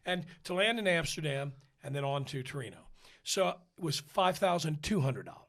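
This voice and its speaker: An American opera tenor with a fairly high, creaky voice talks at normal speed as a podcast co-host. He tells a casual story as an animated storyteller, acting out the voices of the people he quotes.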